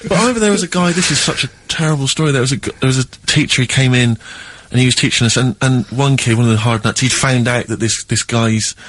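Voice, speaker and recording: A man's voice: medium pitch, fast talker, hardly any pauses, fairly bright tone, no room sound, low-quality recording. A man co-hosting a radio show, reminiscing in casual, rambling banter. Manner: reflective, rambling with restarts. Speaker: radio co-host.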